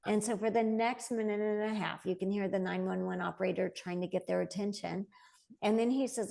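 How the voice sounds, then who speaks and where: A woman's voice: mid-range voice, fairly quick, vocal fry. A woman in her forties, a medium and interview guest, telling stories conversationally and acting out the voices of the people in them. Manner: animated, quotes voices as she tells stories, laughs lightly. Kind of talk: conversational storytelling.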